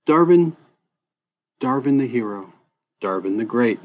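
A man voicing a cornered female dragonborn who flatters mockingly to deflect attention in a fantasy story. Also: mid-range voice, unhurried. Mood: mock-flattering. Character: cornered female dragonborn, quick-witted and stalling.

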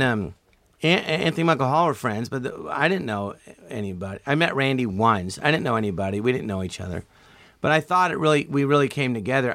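Male comedian guest; lively anecdote teller who acts out quotes, bright and forward. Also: medium pitch, no echo. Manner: animated, acts out quoted dialogue with many "I go"s. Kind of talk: storytelling in a podcast interview.

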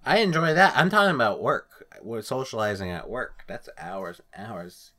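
A young man co-hosting a casual podcast, teasing his friends with quick playful jokes. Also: medium pitch, animated, pushed and bright. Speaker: podcast co-host. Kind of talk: casual chat.

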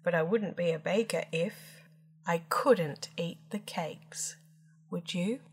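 A woman's voice: lowish voice, slow pace, slightly rough. A woman storyteller reading children's rhyming poems aloud with lilting, playful emphasis.

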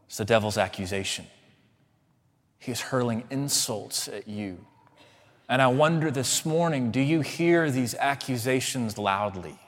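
A man preaches from the pulpit, rising to emphatic peaks and dropping to near hushes. His voice hangs in a church sanctuary with a long reverb. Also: medium pitch, a little slow. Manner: dynamic preaching, swings between loud emphatic and hushed. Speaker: pastor. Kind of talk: sermon.

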